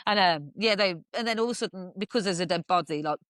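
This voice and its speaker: A woman, a podcast guest, telling a personal story frankly, with dark humor and swearing. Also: lowish voice, fast, dry recording, clean studio sound. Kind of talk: casual podcast conversation.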